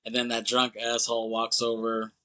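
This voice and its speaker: A man's voice: mid-range voice, completely flat delivery, normal speed, bright, forceful tone. A man co-hosting a movie podcast, chatting casually and rambling as he swears and acts out scenes. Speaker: podcast co-host.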